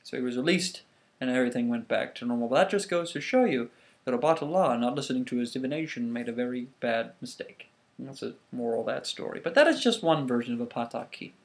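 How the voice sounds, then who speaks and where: A man casually telling a myth to the camera, animated, with frequent restarts. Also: mid-range voice, fast. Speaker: vlogger. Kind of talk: casual storytelling.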